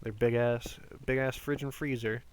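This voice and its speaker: Young man, streamer, casual storytelling, animated, swears a lot, mid-pitched voice. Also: moderate pace, slight background noise. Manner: animated, swears often, many restarts and laughs. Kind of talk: casual storytelling while gaming.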